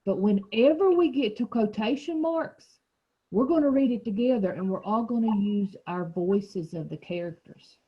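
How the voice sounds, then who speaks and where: A woman's voice: medium pitch, moderate pace, slightly rough, muffled recording. A woman teacher leading a small reading group over a video call, asking questions and explaining words patiently.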